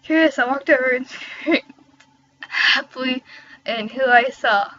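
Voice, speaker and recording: A woman's voice: high voice, unhurried, pauses often, pushed and bright, dull audio. Giggly teen girl reading aloud. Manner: giggly, chatty asides. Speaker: reader. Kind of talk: reading fan fiction aloud.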